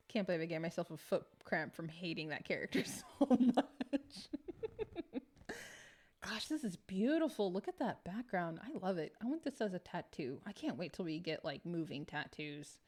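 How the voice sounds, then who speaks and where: A woman streaming a game live, chatting with viewers in a bubbly, excitable way and laughing often. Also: lowish voice, normal speed, faint music behind.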